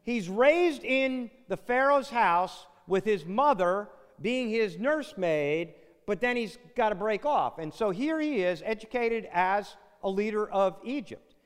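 A man delivers a sermon like a conversation, retelling a story and acting out the lines. His voice sits high and moves a lot in pitch. A long hall reverb trails every phrase. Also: animated, a little slow, smooth. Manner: conversational storytelling with acted quotes and asides. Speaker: preacher.

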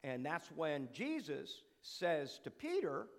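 A man preaching a conversational sermon, animated, asking rhetorical questions and repeating phrases for emphasis. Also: sits high, moderate pace, big-room sound.

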